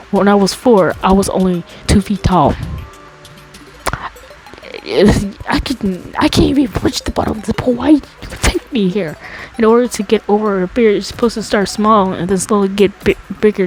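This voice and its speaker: A woman's voice: a little mellow, poor audio. Rambling woman telling a storytime. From America. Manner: rambling with many restarts and fillers; exasperated, rises high when complaining. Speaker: storytime host. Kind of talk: casual storytime monologue.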